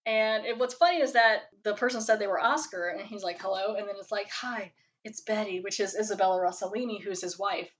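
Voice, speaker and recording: A woman's voice: mid-range voice, fast, few pauses, fairly bright tone. A woman hosting a podcast, chatting casually through an episode review in a rambling way, full of "like" fillers, on a poor home mic. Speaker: podcast host.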